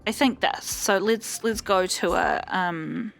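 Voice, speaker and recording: A woman hosting a gaming video, talking casually and rambling as she plays. Her voice sits at a middle pitch and keeps bouncing up with animated energy. Faint game music plays underneath. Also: slow, creaky. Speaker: let's play host. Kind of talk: casual gameplay commentary.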